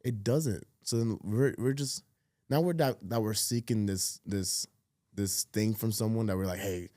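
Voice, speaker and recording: A man's voice: fairly low pitch, unhurried, dark tone, dry recording, clean studio sound. A man talking bluntly and emphatically as a guest in a casual podcast conversation, swearing freely.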